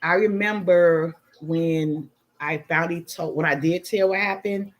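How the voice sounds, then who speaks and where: A woman's voice: lowish voice, measured pace. A middle-aged woman with a Chicago-area accent hosts a casual livestream, reading viewer comments and speaking candidly and emphatically. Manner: candid, emphatic, sipping wine. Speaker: livestream host.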